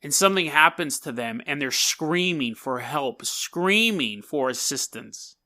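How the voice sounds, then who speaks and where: Podcast host, male, bright and higher-pitched, animated storyteller. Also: a little slow. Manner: animated, conversational, quotes friends in his own voice. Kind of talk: personal storytelling.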